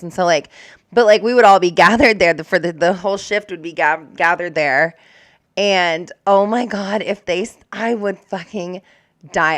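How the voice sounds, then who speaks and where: A woman's voice: fairly low pitch, a bit bright, no echo, clean studio sound. A young woman who works as a corrections officer, reacting to news clips in casual, blunt, profane chat full of "like". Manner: blunt, profane, chatty with many likes.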